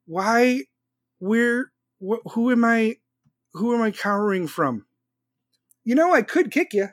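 Speaking slowly and pausing often, a man with an extremely high, lively voice is recorded in studio quality with no room sound. He's a podcast host on a casual live stream who reads viewers' comments from his phone and talks back to them with argumentative sarcasm.

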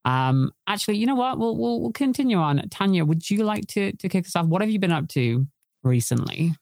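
A man's voice: sits high, big pitch swings, a little fast, vocal fry, a little mellow, no echo, studio quality. A man hosting a live-streamed podcast, rambling and giggly, often laughing at himself. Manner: giggly, self-deprecating, rambling. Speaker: podcast host.

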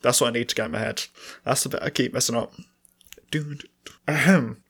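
A man's voice: medium pitch, brisk, gravelly, a bit bright, slightly rough. A man with a dry, sore throat, co-hosting a podcast and rambling in a self-mocking way while laughing often. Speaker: podcast co-host. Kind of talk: rambling solo chat between sung takes.

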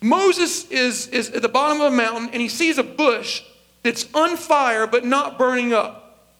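A man preaching to a congregation with a strikingly high, ringing voice. He is animated and playful, slipping into comic voices for the Bible characters in his sermon. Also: a little slow. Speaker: pastor.

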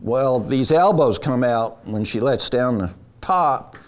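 A man telling a rodeo story in a casual, folksy, animated way. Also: mid-range voice, slow. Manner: folksy drawl, animated retelling.

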